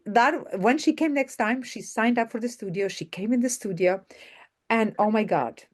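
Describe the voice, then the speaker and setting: A woman hosting an online masterclass over a video call, telling success stories with enthusiasm and repeating words for emphasis. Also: fairly high pitch. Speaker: masterclass host and media coach.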